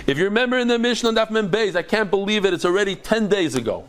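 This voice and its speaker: An animated man leads a Talmud class. His voice sits a little high for a man. He acts out the voices in the dialogue with big jumps in pitch. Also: fast. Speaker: Talmud teacher.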